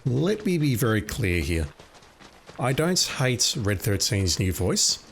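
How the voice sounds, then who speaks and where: A man's voice: medium pitch, very animated, slow pace, vocal fry, slight background noise. A man giving casual, wry, opinionated commentary over a video game playthrough. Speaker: gaming video creator. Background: game music.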